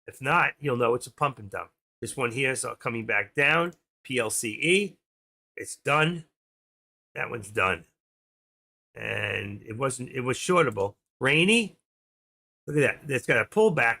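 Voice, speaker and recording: A middle-aged man hosting a trading livestream, talking casually and fast as he walks viewers through charts and watch lists. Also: mid-range voice, vocal fry, sharp tone. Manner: rambling, talks fast while clicking through charts. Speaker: stock trading livestream host. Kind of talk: casual live screen-share commentary.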